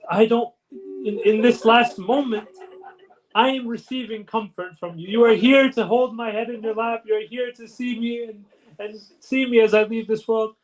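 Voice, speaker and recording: Male preacher doing a wounded loyal warrior, earnest, pleading, grave, high-pitched. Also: steady tone, normal speed, rough recording.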